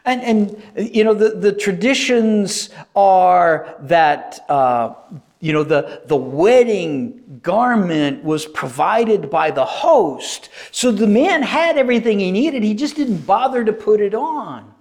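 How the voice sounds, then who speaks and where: A male preacher giving a sermon, animated and emphatic, repeating phrases for effect. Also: high voice, takes it slowly.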